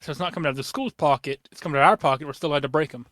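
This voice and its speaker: Excitable young man, higher voice, dry mic. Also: racing, no room sound. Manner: excitable, rambling, lots of fillers and restarts. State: losing his voice. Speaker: podcast host. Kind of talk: casual podcast chat.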